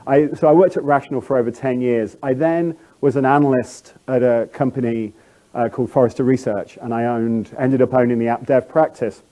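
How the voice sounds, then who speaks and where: A middle-aged man with a standard British accent speaks at a conference. His voice is mellow and relaxed, at an ordinary middle pitch. He rambles in a self-deprecating way, with plenty of fillers and restarts. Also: brisk. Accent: English, standard British. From England. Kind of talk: conference talk.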